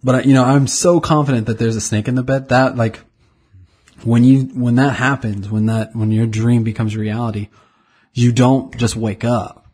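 A man's voice: mid-range voice, fairly even intonation, normal speed, a little mellow, husky. A man in his thirties co-hosting a casual podcast, rambling through anecdotes and chuckling often. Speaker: podcast co-host. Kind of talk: casual chat.

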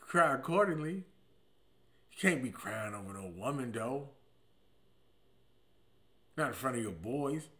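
A man in his forties telling comic stories in a slangy, profane monologue, swinging between loud emphatic bursts and low muttered asides. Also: lively intonation, a little slow, long pauses. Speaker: comedian. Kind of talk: comedic storytelling monologue.

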